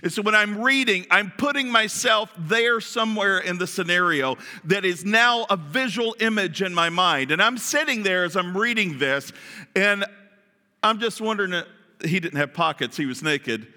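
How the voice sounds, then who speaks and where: Guy preaching, super bright voice, big swoops up and down, asks the crowd stuff. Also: high-pitched, normal speed. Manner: animated, asks the audience questions, playful asides. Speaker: Bible teacher. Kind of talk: sermon-style Bible teaching. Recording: long hall reverb.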